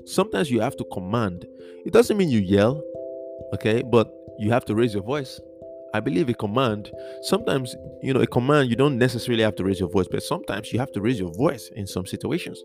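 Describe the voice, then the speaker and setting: A man's voice: medium pitch, fairly quick, music in the background. A man giving an earnest Bible teaching on a podcast, repeating phrases and spelling out words letter by letter.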